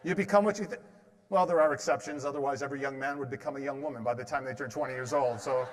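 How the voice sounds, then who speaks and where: A man's voice: medium pitch, fast, slight background noise. A man in his fifties giving a motivational stage talk, telling stories and quizzing his audience with questions and jokes. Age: 50s. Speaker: motivational speaker. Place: large hall with an audience. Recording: long reverb of a large hall.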